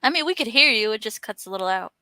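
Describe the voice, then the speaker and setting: A woman hosting a casual group video call, upbeat and excited, talking over a call mic. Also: fairly high pitch, fast talker, no room sound. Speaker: host.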